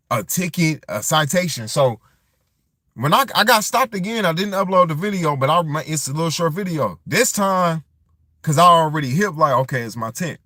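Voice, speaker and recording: A man's voice: a little high, pushed and bright, no echo, studio quality. A man talking in a loose, rambling vlog monologue, circling back and restarting his thoughts as he goes. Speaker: vlogger. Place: tent.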